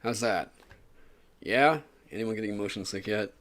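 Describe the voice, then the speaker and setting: A man's voice: on the low side, a little slow, a bit bright. A man chatting casually on his livestream, rambling with lots of fillers in an upbeat way. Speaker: streamer. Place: home streaming setup.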